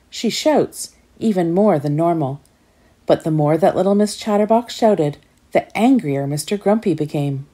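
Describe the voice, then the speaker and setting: A woman reading a children's picture book aloud, gently asking her young listeners questions. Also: lowish voice, husky. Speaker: storyteller.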